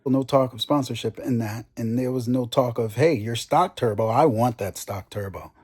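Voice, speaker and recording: Husky young man telling a car story. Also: mid-range voice, moderate pace. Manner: animated, acts out quoted conversations. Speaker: car enthusiast vlogger. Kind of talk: casual storytelling rant.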